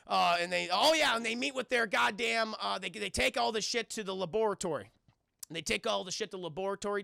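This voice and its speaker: A man's voice: high voice, vocal fry, bright, forceful tone, dry recording, clean studio sound. A man casually recapping a movie for his livestream chat, rambling and profane, calling out to the chat every few lines. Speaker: film reviewer streaming live.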